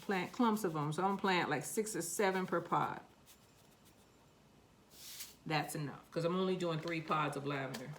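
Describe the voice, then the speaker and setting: Lady w/ a new york accent planting seeds and talking to them, kinda low voice, bit of hiss behind. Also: moderate pace, long pauses. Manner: chatty, talks to herself and her seeds, playful. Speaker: gardening vlogger. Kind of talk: casual gardening vlog, talking while working.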